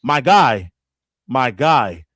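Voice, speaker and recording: A man in casual sports talk, animated and often restarting his sentences with stammered repeats. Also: medium pitch, very slow, no room sound, studio quality. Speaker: radio host guest.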